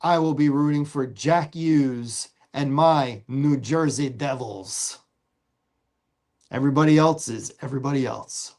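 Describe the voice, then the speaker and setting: A man co-hosting a podcast in a casual, measured way, recapping the news. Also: medium pitch, darkish tone. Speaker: podcast co-host.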